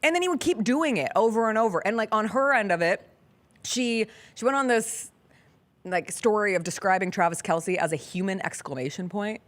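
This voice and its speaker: A woman's voice: mid-range voice, animated, normal speed. A woman hosting a sports talk show, chatting casually and animatedly, laughing often. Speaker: sports radio show host. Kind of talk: casual chat.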